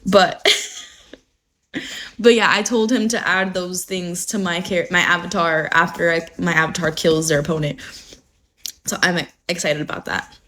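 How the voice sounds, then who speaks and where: A woman's voice: fairly low pitch, fairly even intonation, a little slow, long pauses, fairly bright tone, slight background noise, rough recording. A young woman from the United States, chatting casually on a phone livestream at home, giggly and freely swearing.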